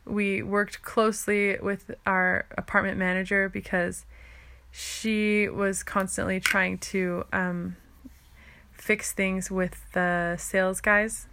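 A young woman recounts her own story in relaxed, casual speech. She is chatty and keeps acting out what she and others said. Her voice has a noticeable gravelly fry. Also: medium pitch, slow. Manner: chatty, full of "like" and restarts, quotes herself and others. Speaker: stay-at-home mom telling her story.

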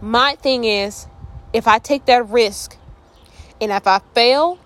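A woman's voice: fairly high pitch, slow, a bit bright. A woman leading a casual Bible study, reading scripture with playful joking asides and then turning earnest and reflective. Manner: reflective, earnest when applying the passage.

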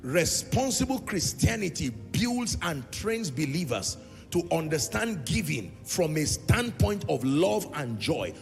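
Gravelly preacher in an echoey hall. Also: male voice, a little high, very animated, a little slow, soft background music. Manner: emphatic preaching with repeated phrases and sung lines. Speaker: pastor. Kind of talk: sermon.

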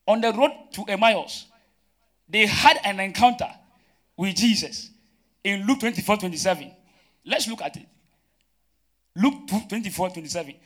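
A man, preaching a sermon as pastor, calling out questions and swinging between loud emphatic bursts and quiet asides. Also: high-pitched. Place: church.

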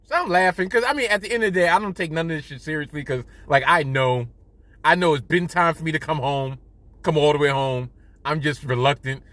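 A man telling stories on his podcast in a bright, sharp voice that runs high for a man. He swings his pitch all over, swears freely and pokes fun at himself. The sound is dry and close. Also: fairly quick, no echo. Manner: animated, profane, self-mocking. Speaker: podcast host. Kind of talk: casual storytelling monologue. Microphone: studio podcast mic.

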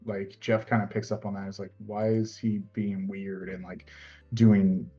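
A man's voice: lowish voice, little pitch movement, measured pace, warm tone, highs cut off, faint music behind. A man casually chatting about a favorite TV show, rambling and laughing often as he retells scenes. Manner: rambling, laughs often, breaks into quoted voices.

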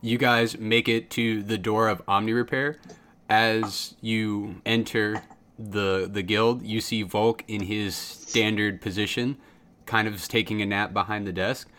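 A man narrating as game master of a tabletop role-playing game, in a relaxed, measured way. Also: on the low side.

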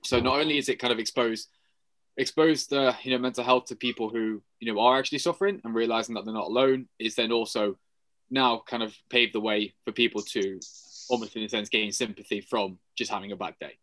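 Male podcast co-host, middle pitch, measured and explanatory. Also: steady tone, fairly bright tone. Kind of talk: casual podcast chat.

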